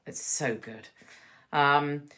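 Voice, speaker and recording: A woman's voice: sits low, steady tone, very slow, bright, forceful tone. A woman in her thirties from England co-hosting a podcast, chatting casually, gushing and laughing often. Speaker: podcast co-host. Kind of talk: casual chat.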